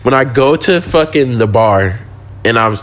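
A man's voice: mid-range voice, lively intonation, unhurried, a bit bright, slight background noise. Young male guest, loose slangy storyteller, swears freely, mid-range voice. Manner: slangy, swearing, laughs while telling stories. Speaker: podcast guest. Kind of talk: casual storytelling.

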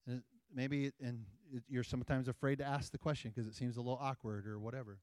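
A man's voice: medium pitch, little pitch movement, fast, a little mellow, dry recording. A man preaching a sermon in church, talking casually with the congregation and building up to emphatic scripture reading. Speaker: pastor. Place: church sanctuary.

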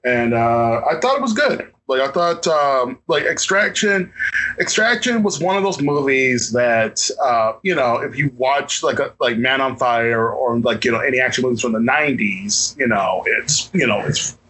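A man's voice: mid-range voice, expressive, moderate pace, pushed and bright, breathy edge, low-quality recording. A man chatting casually about films as a podcast co-host, rambling with lots of fillers and restarts. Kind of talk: casual chat.

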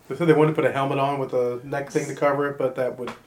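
A man's voice: mid-range voice, slight background noise. A man running a tabletop role-playing game, narrating scenes casually with joking asides. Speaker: game master.

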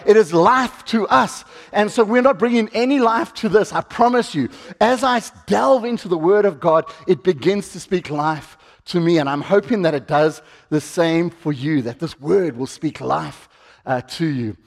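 A man's voice: high-pitched, normal speed, gravelly. A man preaching a sermon, talking with the congregation, asking them questions and acting out what people say. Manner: conversational, asks the congregation questions, acts out quotes. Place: church hall. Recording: reverberant church hall.

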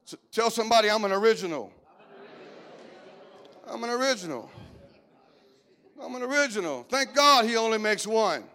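A middle-aged pastor with a Cajun accent preaches with humor, his voice sitting high for a man. He keeps the sermon joking and animated, breaking into loud whoops and shouts. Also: normal speed, long pauses.

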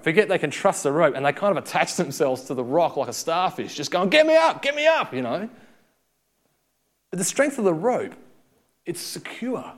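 A young man preaching a sermon, telling a story in a conversational way and acting out the quotes. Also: fairly high pitch.

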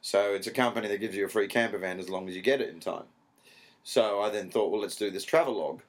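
A man's voice: fairly low pitch, fast talker. A middle-aged man, a stand-up comedian, telling a rambling story in a casual interview, swearing freely and acting out what others said. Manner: rambling, animated, swears freely, acts out quotes.

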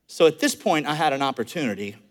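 A male pastor delivering an animated sermon, telling humorous stories and calling the congregation to repeat lines after him. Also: fairly high pitch, quick pace. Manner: tells stories with humor and chuckles.

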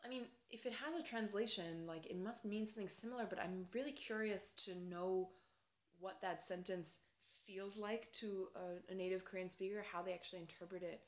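A woman's voice: medium pitch, fairly even intonation, normal speed. A woman from the United States in casual chat, talking reflectively with many fillers and restarts. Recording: roomy echo.

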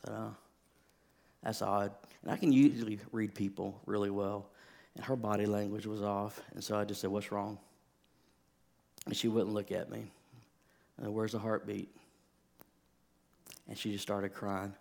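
A man in his thirties, a pastor, telling a personal story in a sermon, shifting from hushed, quiet stretches to rising, impassioned preaching. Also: lowish voice, little pitch movement, moderate pace, gravelly, long pauses.

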